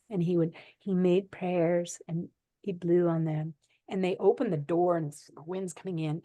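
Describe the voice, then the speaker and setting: American woman guest telling stories, laughs a lot, lowish voice, dry sound. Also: no room sound. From United States. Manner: animated anecdotes, laughs often. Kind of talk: conversational storytelling.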